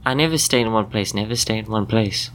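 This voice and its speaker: A man's voice: on the low side, brisk, a bit bright. A man voicing a tall, shadow-faced male creature in a top hat who whispers and echoes the ends of his own sentences. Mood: whispery.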